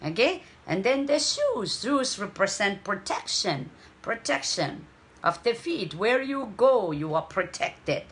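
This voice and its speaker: A woman preaches. She takes her time, pressing on key words and pausing to check in with her listeners. Her delivery is unhurried and earnest. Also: mid-range voice, big pitch swings, slight background noise. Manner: slow, emphatic preaching with frequent "okay?" checks. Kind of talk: sermon.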